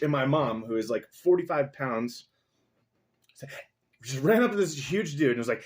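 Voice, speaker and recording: A young man who vlogs and makes music chats casually over soft background music, playfully teasing his dog. In a mid-range voice at a moderate pace, he tells loose, profane stories with plenty of laughs.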